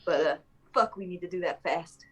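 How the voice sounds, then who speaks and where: A woman playing a tabletop game who plans her next move out loud in a practical way. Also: fairly low pitch, a little fast, husky. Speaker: player.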